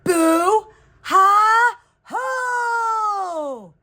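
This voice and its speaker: A woman voicing a mischievous male night creature who shrieks loud scares in a storybook read-aloud. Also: extremely high pitch, animated, extremely slow, voice pushed up, exaggerated voice. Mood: shrieking.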